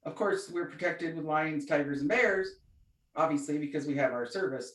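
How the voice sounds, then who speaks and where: A woman's voice: sits low, moderate pace. Chatty woman, echoey distant podcast mic. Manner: chatty, animated storyteller, acts out quoted voices. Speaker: podcast co-host. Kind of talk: casual storytelling chat.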